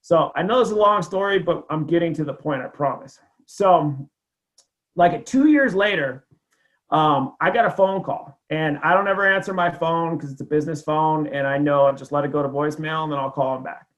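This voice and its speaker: A man's voice: a little high, normal speed. A man giving a casual sales training talk, telling a client story in a conversational way with lots of fillers.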